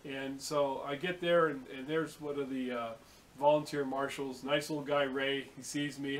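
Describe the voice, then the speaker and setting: Sitting in a vehicle, a male vlogger from the San Francisco Bay Area, USA, rambles and curses while spinning stories full of quoted dialogue in a chatty way. His mid-range voice has fairly even intonation and a moderate pace, captured in a rough recording.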